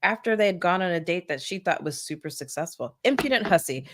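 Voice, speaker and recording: A woman's voice: lowish voice, fairly quick, no echo, clean studio sound. A woman co-hosting a book club podcast in casual chat, chatty and laughing often, acting out lines in playful voices. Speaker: podcast co-host.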